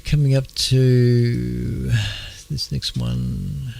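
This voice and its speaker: An Australian man hosting an astronomy radio show, talking in a halting, casual way with many fillers, clearing his throat as his voice wears out. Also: fairly low pitch, fairly even intonation. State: losing his voice. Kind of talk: casual astronomy news talk.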